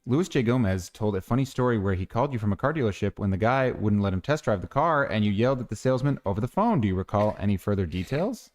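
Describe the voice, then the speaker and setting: A man's voice: fairly low pitch, lively intonation, fast, few pauses. A man co-hosting a live stream who reads out viewer messages plainly. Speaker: co-host reading super chats.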